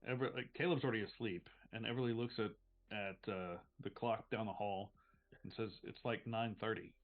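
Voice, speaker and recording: A male game master sets scenes and calls on players in an easy, halting way, full of fillers. His mid-pitched voice comes through a thin, phone-like video-call signal. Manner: relaxed, halting narration with fillers. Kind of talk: narrating a tabletop game. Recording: tinny call audio.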